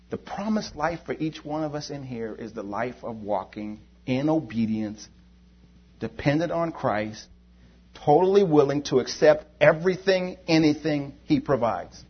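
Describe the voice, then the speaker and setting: A man preaches a sermon in a slightly high, husky voice. His delivery is emphatic and repetitive, moving between loud and quiet stretches. The recording has a dull, lo-fi sound. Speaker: lay preacher.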